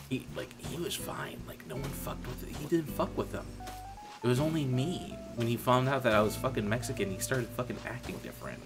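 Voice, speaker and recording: A young man telling a rambling, profane story about an old coworker in a casual stream chat. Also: fairly low pitch. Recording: music playing behind.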